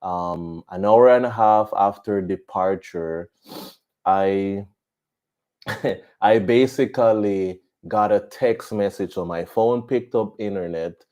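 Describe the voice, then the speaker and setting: A man who flies as a missionary pilot, chatting to viewers on a live stream and telling stories in an animated way. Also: on the low side, slow. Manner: animated storytelling with laughs.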